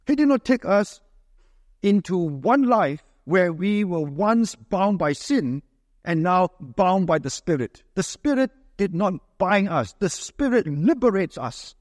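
A man preaching a sermon, with a fairly high voice. He talks conversationally, often tossing a quick "right?" to the congregation. His voice sounds close and dry, yet a long hall reverb trails after it. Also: very animated, a little mellow. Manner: conversational preaching with frequent rhetorical "right?" checks.

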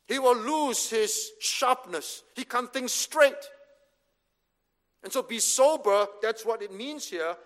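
This pastor's voice is extremely high, expressive, slow, and a little bright as he delivers his sermon in a church hall. He presses each point with brief, repeated commands, and the audio echoes like a hall.

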